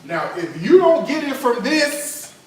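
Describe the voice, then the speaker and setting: Animated man cooking live in a roomy kitchen. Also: extremely high pitch, measured pace. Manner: animated, incredulous, talks to viewers as y'all. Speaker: cooking livestream host. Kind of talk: casual live cooking chat. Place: home kitchen. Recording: roomy kitchen echo, faint background noise.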